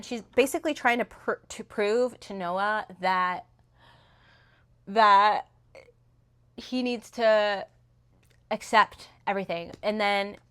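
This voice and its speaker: A woman's voice: mid-range voice, a bit bright, a little hiss or hum. A young woman in casual, rambling chat, retelling a novel's plot with lots of fillers and restarts, recorded on a phone. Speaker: book reviewer. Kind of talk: casual book review chat.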